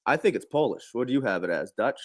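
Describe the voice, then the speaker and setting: A man's voice: mid-range voice, fast talker. Casual male baseball co-host. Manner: loose, swearing, animated picks. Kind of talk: casual sports talk.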